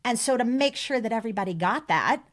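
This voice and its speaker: In this casual podcast chat, the co-host's voice is a little high and expressive, moving at a quick pace. She shares personal stories, chatty and full of emotion.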